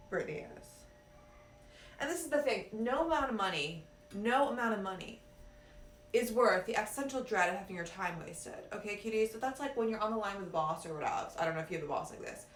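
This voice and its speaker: A woman's voice: mid-range voice, lively intonation, fairly quick, slight background noise. A woman life coach giving a live-streamed motivational talk, brash and profane, calling her listeners cuties. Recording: roomy, a little off-mic, faint ambience.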